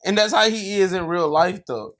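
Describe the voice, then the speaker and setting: A man's voice: sits high, normal speed, a bit bright. A man co-hosting a podcast, adding short remarks and laughing along in casual chat. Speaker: podcast co-host.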